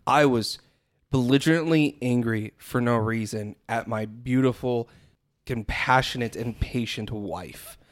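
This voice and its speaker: A man telling a story in casual chat, animated and self-mocking, acting out what he said. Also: mid-range voice, unhurried. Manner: animated, self-mocking, acts out his own quotes.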